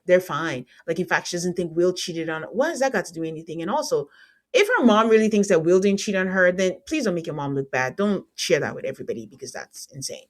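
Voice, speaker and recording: A woman hosting a podcast, recapping reality TV in a casual, exasperated way with frequent filler words. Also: fast talker. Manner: exasperated, lively pitch swings. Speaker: podcast host.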